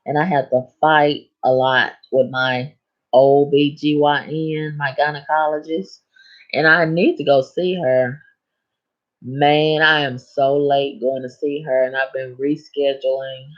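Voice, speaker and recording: A woman's voice: low-pitched, steady tone, unhurried, lo-fi sound. A woman chatting frankly on a casual livestream, laughing at her own stories. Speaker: livestream host.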